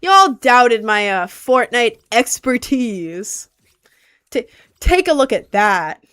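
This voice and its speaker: A young American woman with slight Southern and New York touches, chatting casually as a gaming streamer and repeating excited exclamations. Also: on the high side, takes it slowly, clear, resonant tone. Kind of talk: casual live-stream chat.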